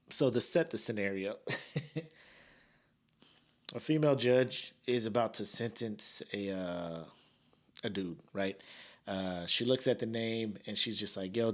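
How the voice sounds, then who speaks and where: A man hosts his podcast in loose, slangy commentary. His voice moves up and down a lot, and laughs keep breaking into his talk. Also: fairly low pitch. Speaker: podcast host. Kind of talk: casual commentary.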